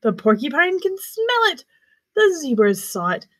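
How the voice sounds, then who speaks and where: A woman voicing a big, calm rhino in a storybook with a bright sing-song voice. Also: high-pitched, measured pace, pitched above the performer's own voice, full character voice. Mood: excited.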